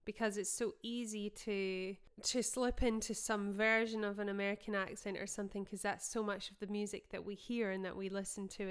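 A woman's voice: medium pitch, a bit bright, smooth. A young Scottish woman hosting a podcast, chatting and telling stories casually with a Scottish accent. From Scotland. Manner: chatty, storytelling, frequent fillers. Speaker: podcast host and singer-songwriter. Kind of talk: casual reminiscing chat.

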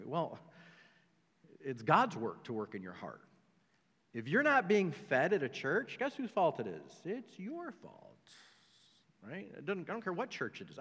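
A man's voice: mid-range voice, a bit bright. Emphatic male pastor in a reverberant church. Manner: emphatic, joking asides, repeats phrases. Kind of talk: sermon. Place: church sanctuary. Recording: long hall reverb.

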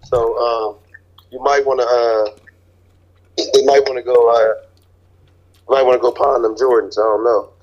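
Man, deadpan rambling jokes, mid-pitched, phone line. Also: moderate pace, long pauses. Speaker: guest, the host's cousin. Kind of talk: casual phone chat.

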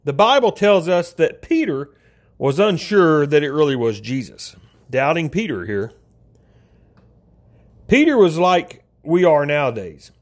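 Man preaching a folksy, lively sermon. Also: unhurried, long pauses. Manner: conversational, addresses listeners as folks, big pitch swings. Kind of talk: informal sermon.

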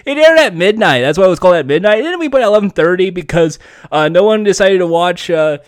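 A man doing an impression of a TV host, rambling on and listing shows without pause. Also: high voice, animated, no room sound, clean studio sound. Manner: rambling, run-on name-dropping. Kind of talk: comedy podcast banter.

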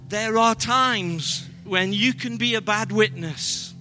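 High, bright-voiced English preacher. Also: male voice, takes it slowly, soft background music. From Britain. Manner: humorous, self-deprecating anecdotes. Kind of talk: sermon with storytelling.

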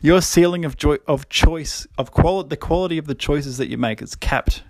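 A man's voice: a little high, moderate pace, no room sound. A young man hosting a podcast, talking casually with many fillers and frequent laughs. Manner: rambling, lots of fillers, laughs often. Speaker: podcast host.

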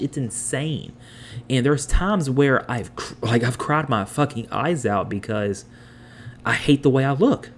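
A man's voice: medium pitch, a little hiss or hum. A man in his twenties hosting a podcast, talking through a blunt personal monologue that runs into heated, profane rants. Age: 20s. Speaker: podcast host.

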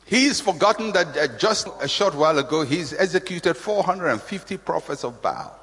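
A man preaching a sermon, emphatic and animated, acting out voices as he speaks. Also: normal speed, few pauses. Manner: animated, emphatic, acts out voices with big pitch swings. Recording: long reverb of a large hall.

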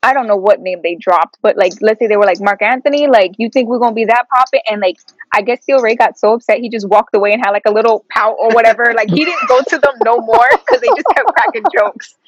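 A woman's voice: a little high, quick pace, no echo, dull audio. A woman co-hosting a podcast, telling family stories in casual chat and laughing often. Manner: laughs often, animated storytelling. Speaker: podcast co-host.

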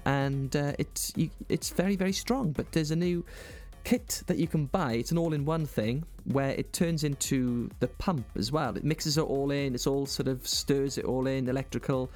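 A man's voice: medium pitch, normal speed, few pauses, a little mellow, faint music behind. A man in his forties co-hosting a podcast, telling stories in casual chat and acting out voices in his anecdotes. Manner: chatty storyteller, acts out voices in anecdotes. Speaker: podcast co-host.

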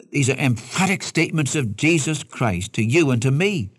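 A man's voice: mid-range voice, animated, normal speed, few pauses, dry recording, studio quality. Emphatic man preaching a sermon. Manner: emphatic, pleading, quotes scripture. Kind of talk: radio Bible study sermon.

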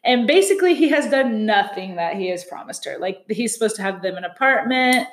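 A chatty woman recaps reality TV in a loose, casual way, slipping into quick put-on voices for the people she talks about. Her voice sits at an ordinary middle pitch. The room around her sounds echoey. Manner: chatty, laughs often, quotes people in lively put-on voices. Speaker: podcast co-host.

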